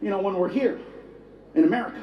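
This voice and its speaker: A man doing stand-up comedy, telling stories in an animated way with sudden loud bursts. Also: high voice, fast, roomy sound, lo-fi sound, slight background noise. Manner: animated storytelling with bursts of shouting.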